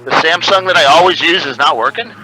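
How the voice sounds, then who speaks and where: A man's voice: fairly high pitch, quick pace, background noise. A man on a race broadcast crew, chatting and joking loosely while he sets up cameras. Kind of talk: casual chat over the broadcast.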